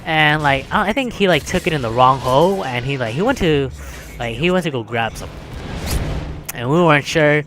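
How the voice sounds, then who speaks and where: A man's voice: on the high side, expressive, a little fast. Young male storyteller, rambling and filler-heavy, with music playing behind him. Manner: rambling, full of "like" and "right?". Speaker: vlogger. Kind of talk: casual storytelling.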